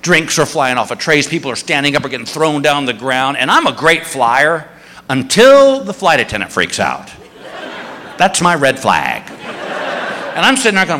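A man telling a stand-up story to a live crowd, his voice lively and leaping up and down in pitch. His tone is bright and forceful, and the sound carries a long hall reverb. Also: fairly quick. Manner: animated, acts out other people's lines. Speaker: stand-up comedian. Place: large theater with live audience.

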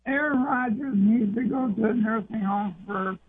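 A man's voice: high-pitched, normal speed, slightly rough. A man calling in to a radio show, brash and trash-talking about sports teams. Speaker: caller. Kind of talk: phone-in banter. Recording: tinny phone line.

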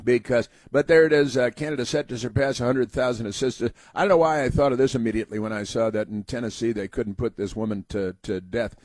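A man's voice: mid-range voice, fast talker, hardly any pauses, darkish tone, no echo. A man hosting a political talk monologue, sarcastic and rambling, with many fillers and restarts. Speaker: political commentary host.

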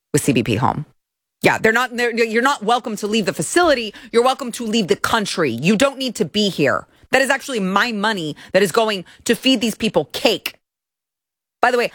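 A woman's voice: mid-range voice, fairly bright tone, no room sound, clean studio sound. A woman hosting a political commentary show, speaking in a sarcastic, indignant tone. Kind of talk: opinionated commentary.

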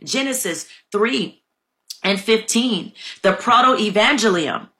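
A woman delivers a fervent sermon in a bright, forceful voice. She reads scripture aloud and calls her listeners family, breaking in with exclamations of praise. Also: mid-range voice, expressive, takes it slowly. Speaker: preacher.

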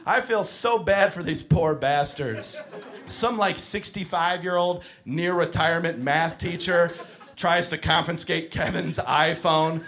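A man doing a crude stand-up comedy set, ranting and shouting mock arguments. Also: fairly high pitch.

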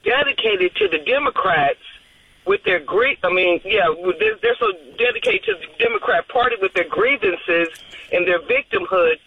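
A woman's voice: a little high, huge pitch swings, normal speed, creaky, slightly rough. A woman calling in to a talk radio show, earnest and rambling as she makes her point. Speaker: caller. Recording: tinny phone line.

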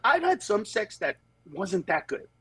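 A man who works as a comedian, chatting casually on a podcast and telling animated stories. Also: sits high, unhurried, very noisy. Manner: animated storytelling, acts out other people's lines. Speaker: comedian guest.

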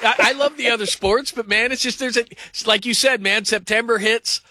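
A man hosting a sports talk radio show, animated and rambling as he talks through calls. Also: very high voice, brisk, crowd noise, noisy background.

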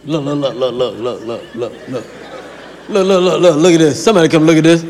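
A man's voice: sits high, animated, moderate pace. A man playing a grumpy, rambling old southern grandfather who cusses and fusses, recorded live in a comedy club. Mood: fussing. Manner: loud, blustering, repetitive. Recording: live comedy club, crowd noise, long reverb.

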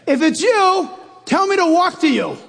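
A preacher doing bold burly fisherman Peter, loud and high. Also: sing-song, moderate pace, vocal fry, big-room sound, heavily acted. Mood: bold, eager. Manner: eager, loud, raised pitch. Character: big burly bumbling male fisherman apostle, bold.

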